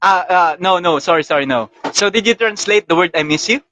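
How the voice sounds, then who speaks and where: A man's voice: sits high, fairly quick, pushed and bright, a little hiss or hum, poor audio. A young Filipino man with a Filipino accent hosting a casual livestream interview, chatty and laughing often with many fillers. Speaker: interview host.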